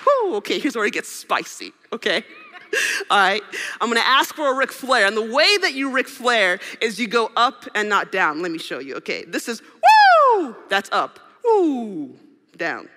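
A man's voice: high-pitched, big pitch swings, moderate pace, noisy background. A man preaching a sermon to a live audience in a church hall, playful and joking as he leads the crowd. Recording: reverberant hall with keyboard music.

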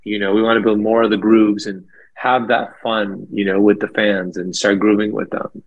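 A middle-aged man, a band's lead singer, chatting in an interview with enthusiastic, animated storytelling and many fillers. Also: lowish voice, moderate pace, narrow, tinny audio. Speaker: lead singer of a band, guest. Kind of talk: casual interview chat.

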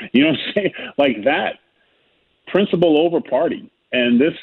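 A man talks through a discussion in an emphatic, earnest way. His voice is husky and a little rough. It comes through a thin, phone-like line. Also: a little high, sing-song, a little slow. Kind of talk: call-in talk discussion.

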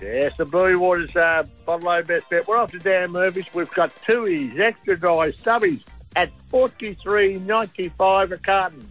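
High-voiced Australian regular, a jovial blokey tipster, with a light music bed underneath. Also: male voice, moderate pace, fairly bright tone. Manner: jovial, blokey, laughs easily. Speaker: regular betting and drinks tipster. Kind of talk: casual radio segment.

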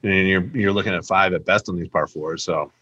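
A man's voice: low voice, steady tone, fairly quick, pushed and bright, highs cut off. A man co-hosting a podcast, chatting casually about golf with a rambling, restart-heavy way of talking. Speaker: podcast co-host. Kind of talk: casual sports chat.

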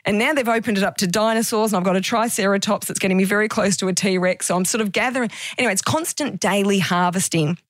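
A woman guest on a podcast, telling a story about herself in a self-mocking, animated way. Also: medium pitch, quick pace, hardly any pauses, no echo, studio quality. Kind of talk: casual storytelling.

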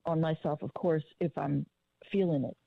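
A caller phoning in to a radio show, chatting casually and thoughtfully with the host. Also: female voice, low voice, steady tone, moderate pace, creaky, no room sound. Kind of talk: casual call-in chat. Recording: phone line.

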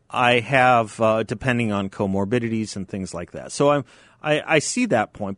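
A man's voice: lowish voice, normal speed, fairly bright tone, no room sound, studio quality. A man hosting a talk radio show, emphatic and given to repeating his key phrases. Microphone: studio microphone.

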